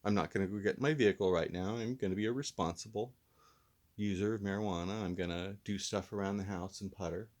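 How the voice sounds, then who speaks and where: Laid-back, lower-voiced stoned man rambling. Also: fast, darkish tone. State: mildly stoned. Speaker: host and reviewer. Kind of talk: casual rambling vlog review.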